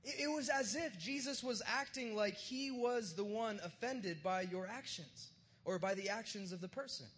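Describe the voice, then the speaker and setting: High-voiced man preaching a casual sermon. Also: moderate pace, fairly bright tone. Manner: casual and joking, uses slang. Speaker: pastor. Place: church service in front of a live crowd.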